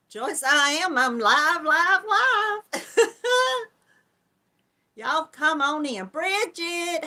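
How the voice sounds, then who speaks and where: A woman's voice: a little high, bright, forceful tone. A middle-aged woman with a Southern US accent hosts a casual live stream, greeting viewers one by one and calling them hon and darling. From Georgia, US. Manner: chatty, affectionate, calls viewers hon and darling.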